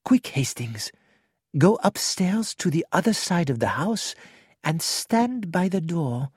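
A reader voicing an excitable, precise detective who asks probing, urgent questions. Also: medium pitch, slow, husky, dry recording, clean studio sound, full character voice.

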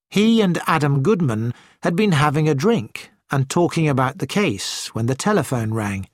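A man narrating an audiobook story in a measured, clear way. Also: mid-range voice, animated, no room sound, studio quality.

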